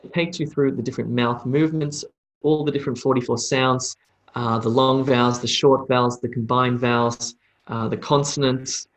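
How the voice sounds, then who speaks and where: In a live online English lesson, a medium-pitched male teacher reads out questions from students and demonstrates sounds slowly and repeatedly. His manner is relaxed and chatty, though the audio is poor.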